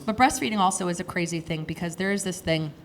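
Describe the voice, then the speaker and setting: A woman's voice: on the low side, fast, slight background noise. A woman in her thirties doing a frank, chatty stand-up set on a comedy stage, working the crowd. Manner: chatty, frank, self-mocking.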